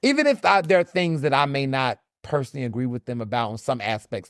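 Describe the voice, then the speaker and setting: A man's voice: mid-range voice, lively intonation, fast, smooth, no echo, studio quality. A man from the American South hosting a solo podcast, talking bluntly and animatedly, swearing freely and acting out encounters. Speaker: podcast host. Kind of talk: casual solo commentary.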